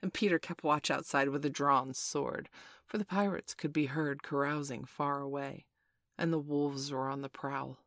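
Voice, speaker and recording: A woman narrating a classic children's storybook in a gentle, measured way. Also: sits low, fairly even intonation, no echo. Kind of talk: storybook reading.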